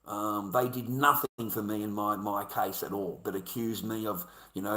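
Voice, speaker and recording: A man's voice: fairly low pitch, fairly even intonation, moderate pace, few pauses, bright, forceful tone. A middle-aged Australian man, a live streamer, angrily ranting in a combative, profane, repetitive way. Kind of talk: angry ranting monologue. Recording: echoey room.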